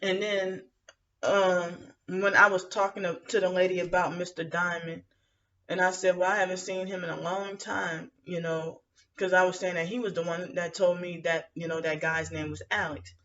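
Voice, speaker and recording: Rambling woman venting, bright and distant. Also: lowish voice, little pitch movement, moderate pace. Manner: rambling, with frequent fillers and restarts; aggrieved, indignant. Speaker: vlogger. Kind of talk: venting monologue to camera. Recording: muffled lo-fi audio from some distance to the mic.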